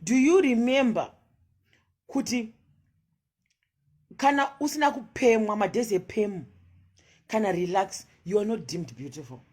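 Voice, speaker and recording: A woman's voice: medium pitch, moderate pace, long pauses, darkish tone, husky. A woman giving a passionate monologue of social commentary, firing off rhetorical questions and switching between English and Shona.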